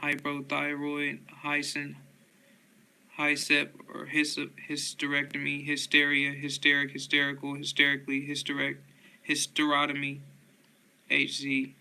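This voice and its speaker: A man with a drawl reads a dictionary word by word in a steady rhythm. His voice is bright and crisp, with a gravelly edge. He trips over the tricky words and starts them again. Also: on the high side, unhurried, poor audio. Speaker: host reading a dictionary aloud. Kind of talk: rapid word-list reading.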